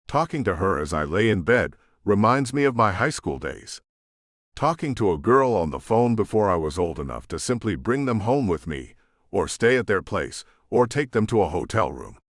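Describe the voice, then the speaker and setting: A man narrating a romance audiobook in the first person, in a relaxed, reflective storytelling manner. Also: low voice, no echo, clean studio sound.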